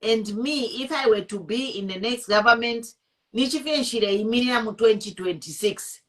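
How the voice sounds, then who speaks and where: Hosting an online show, a woman with a Zambian accent delivers impassioned, indignant political commentary, switching between English and Bemba. Her voice is on the high side and fairly bright, at a normal speed.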